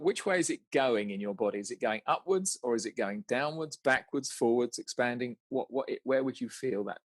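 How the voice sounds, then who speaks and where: Male coach, husky mid-pitched voice, dry close sound, stammering casual delivery with frequent laughs. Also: no room sound. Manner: halting, restarts words, laughs often, swears casually. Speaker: coach guiding an exercise. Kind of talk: casual guided conversation.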